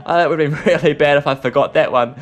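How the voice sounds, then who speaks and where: A young man, excitable and chatty, hosting an improvised game role-play. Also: fairly high pitch, fast. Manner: excitable, chatty, lots of laughs. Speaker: video host. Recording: faint music behind.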